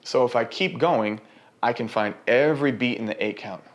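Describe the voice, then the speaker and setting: A man's voice: mid-range voice, normal speed, dull audio. A man explaining rhythm and counts as a dance instructor, sometimes counting beats and vocalizing patterns aloud.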